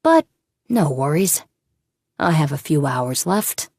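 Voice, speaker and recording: A woman reading the lines of a cruel male kidnapper in an audiobook, with a cold, mocking, softly menacing manner. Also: sits low, sing-song, slow pace, husky, no room sound, studio quality, heavily acted.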